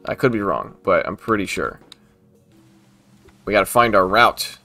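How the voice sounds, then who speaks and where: Bright-voiced exasperated male gamer. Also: lowish voice, lively intonation, measured pace, faint music behind. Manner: exasperated, talks to the game, frequent outbursts. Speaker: gaming video host. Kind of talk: casual gameplay commentary.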